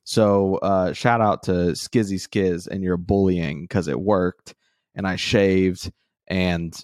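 A man's voice: deep voice, fairly even intonation, takes it slowly, a little mellow, no echo, studio quality. A man in his thirties co-hosting a casual sports podcast, talking in a rambling, self-deprecating way with many fillers. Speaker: podcast co-host.

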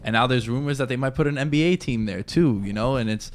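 Man, casual sports talk, animated, slangy, mid pitch. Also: fast. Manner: animated, says "yo" a lot. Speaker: podcast co-host.

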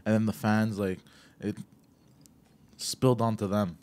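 A man's voice: fairly low pitch, little pitch movement, unhurried, a little mellow. A laid-back man chiming in during a casual podcast chat.

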